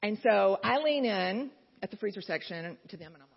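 Speaking to a mothers' gathering in a big hall, this woman has a medium-pitched, gravelly, slightly rough voice and an animated delivery at a moderate pace. Her faith-based talk is encouraging and conversational, with candid stories and asides, captured in a dull, lo-fi, reverberant recording.

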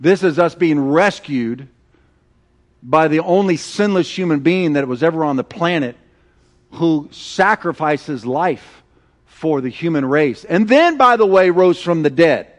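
A middle-aged man preaching a sermon, telling stories with animated, acted-out quotes. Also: a little high, a little slow. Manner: animated storytelling, acting out quoted voices. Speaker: pastor.

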